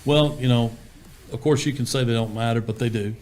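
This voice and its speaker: A man, a head football coach answering interview questions in a steady, plainspoken way, full of fillers and restarts. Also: medium pitch, brisk, faint music behind.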